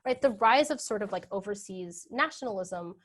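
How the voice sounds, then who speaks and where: A woman's voice: medium pitch, lively intonation, moderate pace, a bit bright. Woman academic fielding questions; tentative, filler-heavy, asks "right?" a lot. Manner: thinking aloud, many ums and "right?" checks; hedging with "sort of" and "like". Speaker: guest speaker, history professor. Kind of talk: academic Q&A answers.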